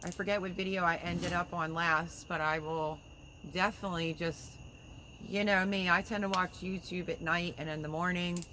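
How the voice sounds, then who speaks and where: A woman with a slightly low voice hosts a relaxed livestream, chatting and reading viewer comments aloud. She sends prayers and well-wishes in a friendly, rambling way. Faint crickets chirp in the background. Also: moderate pace, slight background noise. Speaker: livestream host. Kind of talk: casual live chat reading comments.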